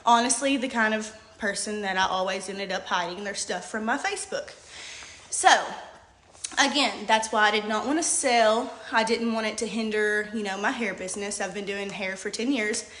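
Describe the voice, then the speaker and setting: A woman's voice: medium pitch, moderate pace, fairly bright tone, reverberant, a little hiss or hum. A woman, talking nervously and rambling on a live video, holding back tears. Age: late 20s. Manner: nervous, rambling, says um often. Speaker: hairstylist and product seller.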